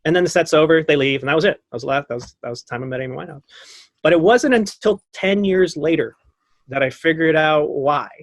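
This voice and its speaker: A man in his thirties telling a story as a podcast guest, lively and acting out what people said, laughing often. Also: fairly high pitch, quick pace, dry recording. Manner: animated, acts out quotes, laughs often. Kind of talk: casual storytelling.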